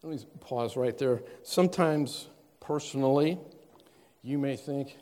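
A man preaches a sermon, reading old scripture with a measured, stressing cadence before explaining it plainly. His voice sits in an ordinary middle pitch for a man. The recording carries a long reverb, as if from a large hall. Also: mellow.

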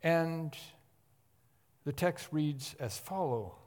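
A man preaching a sermon in an earnest, emphatic way, with a fairly high voice for a man. His voice rings out with a long reverb, as in a church hall. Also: very slow, a little mellow. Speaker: pastor.

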